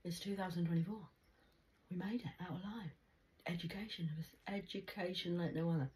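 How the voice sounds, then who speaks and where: A woman's voice: fairly low pitch, fairly even intonation, brisk, dark tone, low-quality recording. A woman telling family stories in a rambling, casual monologue, often dropping to a whisper and swearing freely. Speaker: vlogger.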